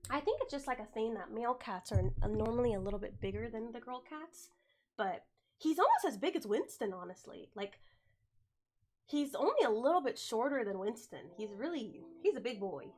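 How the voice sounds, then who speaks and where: A woman's voice: fairly high pitch, expressive, moderate pace, a little mellow. A woman in her twenties chatting casually on a live stream as she gets over the flu, rambling with lots of fillers and talking to her cat. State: getting over the flu, occasional cough.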